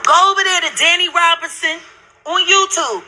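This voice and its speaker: A woman's voice: very high voice, normal speed, noisy background. A middle-aged woman hosting her own channel, ranting angrily and profanely at viewers while counting through videos on screen. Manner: heated, cursing, repetitive, counts aloud sarcastically.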